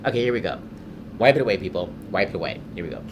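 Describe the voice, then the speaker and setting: A man hosting a commentary on a musical, effusive and excitable, rambling with fillers as he explains what he loves. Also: deep voice, racing, noisy background. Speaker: show host explaining a musical. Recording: voice-over over loud show music. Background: loud cast recording and orchestra.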